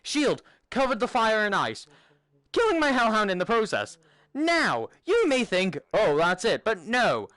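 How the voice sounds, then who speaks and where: A man with a high voice that leaps all over the place hosts a gaming video, recounting a game session in loose, casual chat. He is an animated, laughing storyteller. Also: unhurried, no room sound.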